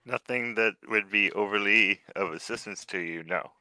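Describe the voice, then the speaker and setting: A man narrating a tabletop game as game master, describing rooms with relaxed, hesitant phrasing and many fillers. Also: lowish voice, normal speed, no room sound.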